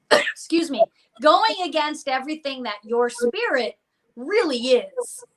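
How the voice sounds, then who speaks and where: A woman giving an earnest, expressive psychic reading on a live stream. She acts out the listener's inner thoughts and laughs between phrases. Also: on the high side, poor audio. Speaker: psychic reader.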